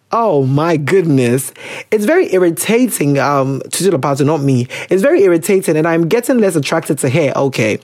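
Podcast host, theatrical, lively swooping pitch, laughs a lot. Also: moderate pace. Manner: animated and theatrical, laughs often. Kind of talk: casual podcast chat.

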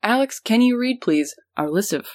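A woman's voice: a little high, expressive, normal speed, darkish tone. A woman co-hosting a casual comedic podcast in a playful, goofy, joking way. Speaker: podcast co-host.

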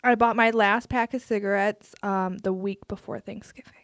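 A woman's voice: medium pitch, fairly even intonation, normal speed, a bit bright, dry recording. Young woman co-host, loose and chatty, mid-range voice, dry close mic. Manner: chatty, heavy use of "like", laughs often. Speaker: podcast co-host. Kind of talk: casual chat. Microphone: podcast microphone.

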